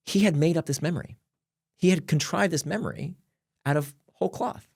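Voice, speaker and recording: A man, a guest author, explaining his ideas in casual conversation, animated and laughing between points. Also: fairly high pitch, a little fast, creaky, husky, dry recording, studio quality.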